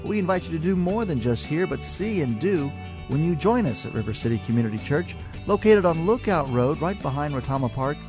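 Man, radio outro announcer, smooth and promotional, guitar music under. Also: a little high, very animated, a little fast. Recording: clear music bed behind voice.

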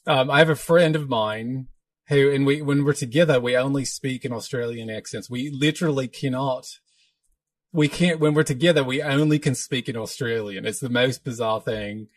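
A man's voice: fairly low pitch, fairly quick, few pauses, fairly bright tone. A man putting on a clumsy fake Australian accent during a casual chat, joking about mangling it. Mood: playful. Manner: self-mocking, admits mangling it.

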